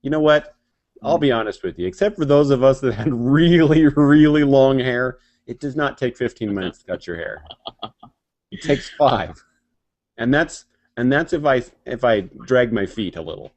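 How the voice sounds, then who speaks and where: Man, mid pitch, casual storyteller who swears and laughs through his stories. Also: normal speed, lo-fi sound. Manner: laughing, profane, animated storytelling. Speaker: podcast co-host.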